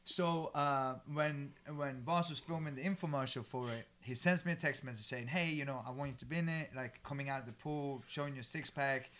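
Man, podcast co-host, casual teasing chat, middle pitch, faint noise. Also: a little fast, hardly any pauses, fairly bright tone. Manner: joking, teasing.

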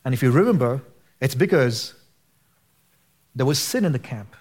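A man preaching a sermon as a pastor, impassioned and rising to near shouting, with casual slang mixed into his preaching. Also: medium pitch, expressive, moderate pace, slightly rough. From United States.

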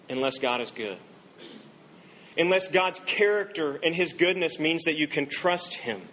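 High-voiced male pastor preaching. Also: animated, moderate pace, sharp tone, slight background noise, low-quality recording. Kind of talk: sermon.

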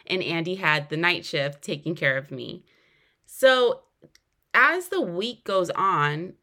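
A woman's voice: fairly low pitch, pushed and bright. A young woman hosting a podcast, telling her own story earnestly, with sudden emphatic rises. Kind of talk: personal storytelling.

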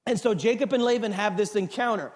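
A man's voice: high-pitched, fast. A man preaching a sermon, retelling a story in a casual, joking way and talking straight to the congregation. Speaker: pastor.

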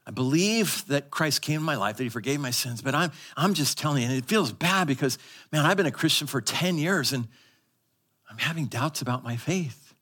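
A pastor voicing a hesitant churchgoer in doubt. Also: male voice, a little high, expressive, normal speed, a bit bright. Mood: worried. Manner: hesitant, confiding. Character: troubled adult churchgoer confessing doubts.

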